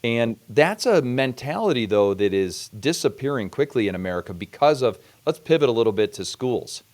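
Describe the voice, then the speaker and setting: A man hosting an interview, talking in a measured, serious way. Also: medium pitch, sing-song, darkish tone. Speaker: host. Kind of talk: earnest interview conversation.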